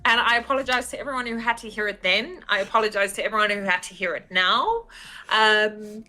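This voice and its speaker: A woman, a game master guesting on a podcast, talking in an animated, rambling way with frequent "like"s and self-mocking laughs. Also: medium pitch, a little fast, soft background music. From South Africa. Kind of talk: casual interview chat.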